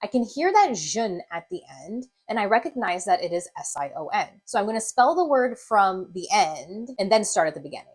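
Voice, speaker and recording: A woman gives a reading lesson at a mid pitch. She walks through long words step by step and sounds out each syllable slowly and deliberately. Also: sing-song, slightly rough. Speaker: reading teacher. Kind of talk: instructional video lesson.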